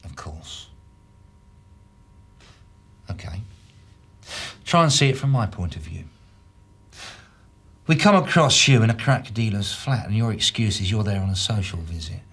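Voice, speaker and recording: A man's voice: fairly low pitch, expressive, a little slow, pauses often, a bit bright, husky, heavily acted. An actor playing a male police detective who questions a suspect with sardonic, probing remarks.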